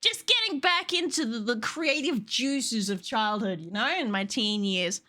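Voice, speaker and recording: A young adult woman chatting casually on a livestream, excitable, laughing often and swearing freely. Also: on the high side, a little slow. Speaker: streamer.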